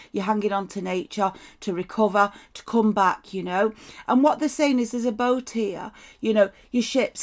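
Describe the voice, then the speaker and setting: A woman's voice: medium pitch, gravelly. A woman giving a casual tarot reading in a chatty way, often checking in with "right?" and swearing freely. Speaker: tarot reader.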